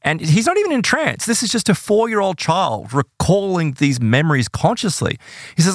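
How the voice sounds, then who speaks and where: A man casually telling a case story in conversation, animated and acting out the voices of people he quotes. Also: brisk, no room sound, studio quality. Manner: animated, acts out quoted voices with big pitch jumps. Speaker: podcast guest telling case stories.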